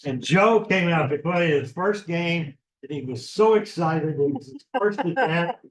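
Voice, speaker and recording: Man, slightly high voice, folksy anecdote, small club gathering. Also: lively intonation, a little slow, a little hiss or hum, rough recording. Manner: folksy storytelling, says y'all. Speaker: chapter member. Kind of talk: casual anecdote to a small group. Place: restaurant meeting room.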